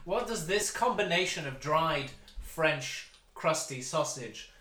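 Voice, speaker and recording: A man's voice: fairly high pitch, expressive, slow, bright, forceful tone, roomy sound. A young man from England hosting a casual food-review podcast, wry and mock-formal, laughing often among friends. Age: young adult. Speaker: podcast host. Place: room with friends around a table.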